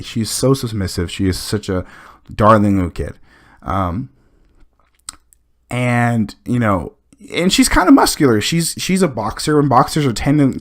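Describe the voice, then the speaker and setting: A podcast host telling a long rambling story in casual chat, full of restarts and fillers, acting out what people said. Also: male voice, medium pitch.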